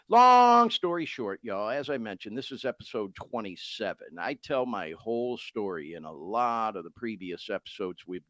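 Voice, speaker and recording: A man's voice: lowish voice, a bit bright, dry recording, studio quality. A middle-aged man hosting a podcast in a casual, candid monologue, speaking straight to his listeners and swearing freely. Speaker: podcast host.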